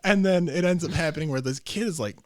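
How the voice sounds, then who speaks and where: A young man, a podcast guest, telling a story in a loose, profane, animated way and acting out the voices. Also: fairly high pitch, quick pace, no echo. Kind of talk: casual storytelling.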